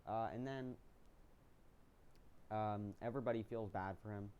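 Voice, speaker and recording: A young man with a low, mellow voice tells a story in a loose, chatty vlog style. He gets excited as he retells it and fills the gaps with ums and quick restarts. He keeps it easygoing and conversational throughout. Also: highs cut off, slight background noise. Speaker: vlogger recapping a reality show. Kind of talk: casual storytelling commentary.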